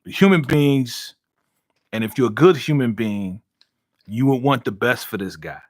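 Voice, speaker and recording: A man's voice: medium pitch, expressive, moderate pace, no echo, clean studio sound. A man hosting a casual live stream, reading viewer comments aloud and ranting heatedly with laughs in between. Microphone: studio podcast mic.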